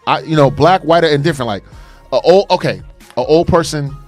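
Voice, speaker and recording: A man's voice: fairly high pitch, fairly quick, darkish tone. Male co-host, earnest and emphatic call-in radio talk, faint music bed. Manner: earnest, emphatic, says "brother".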